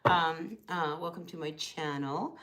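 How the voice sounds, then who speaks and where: Chatty tarot reader with a Jersey accent. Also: female voice, deep voice, unhurried, fairly bright tone. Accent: New Jersey. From New Jersey. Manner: chatty, loose, rambling with many fillers. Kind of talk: live-stream tarot reading.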